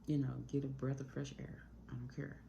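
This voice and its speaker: Low gravelly woman talking into her phone. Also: completely flat delivery, dark tone, a little hiss or hum. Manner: earnest, rambling, slows and speeds up often. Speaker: YouTube channel host. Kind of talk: emotional talk to camera about grief. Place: at home indoors. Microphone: phone mic.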